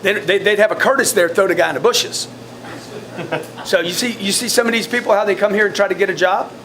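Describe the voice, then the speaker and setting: A man coaching his sales team in a blunt, forceful way, often repeating words. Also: high voice, fast talker. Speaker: sales trainer.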